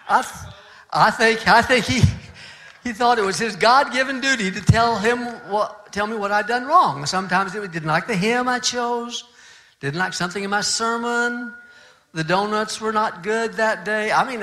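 A man's voice: high voice, pushed and bright. An older man, a pastor, telling a personal story in a sermon in an earnest, conversational way with frequent restarts.

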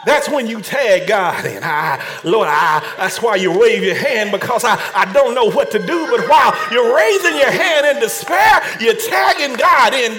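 A man's voice: very high-pitched, lively intonation, moderate pace, hardly any pauses, over loud music. A man preaching a fervent sermon, stammering repeated words and calling on the congregation to answer back.

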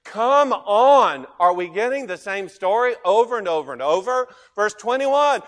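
A man preaching a sermon, animated, asking his listeners questions and swinging between loud bursts and quiet asides. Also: very high voice, normal speed, few pauses, big-room sound. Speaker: pastor.

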